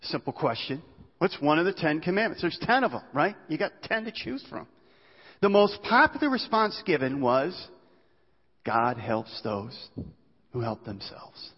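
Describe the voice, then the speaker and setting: Preacher with a raised voice in a hall. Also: male voice, high-pitched, sing-song, normal speed, slightly rough. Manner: conversational storytelling, asks rhetorical questions. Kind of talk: sermon. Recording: long hall reverb, dull sound.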